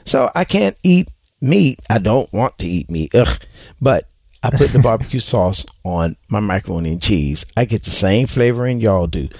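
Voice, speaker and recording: A man talks through listener questions on a casual advice show. His voice has a gravelly edge and swings widely up and down, and he often mimics people in exaggerated voices. The sound is dry and close, with no room echo. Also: on the low side, sing-song, moderate pace, darkish tone.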